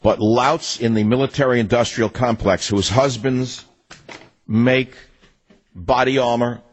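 A man's voice: medium pitch, dull audio. Combative older talk radio host man. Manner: combative, mocking, emphatic. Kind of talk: political talk radio monologue.

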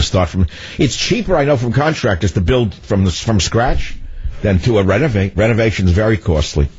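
An older man hosting political talk radio, ranting in a loud, commanding voice. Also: mid-range voice, no room sound. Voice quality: husky. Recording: dull lo-fi radio broadcast.

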